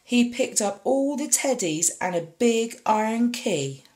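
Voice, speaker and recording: A woman reads a children's picture book aloud at an unhurried pace, her pitch rising and falling in a very lively, expressive way as she tells the story. Her voice carries the echo of a roomy space.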